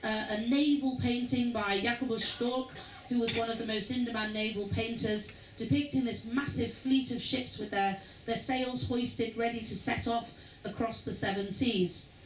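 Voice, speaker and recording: A woman's voice: a little high, fairly even intonation, moderate pace, faint music behind. A woman giving an informal history talk to cruise passengers, chatty and asking the audience questions. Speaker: cruise lecturer. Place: lounge aboard a river cruise ship. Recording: roomy, distant, faint background noise.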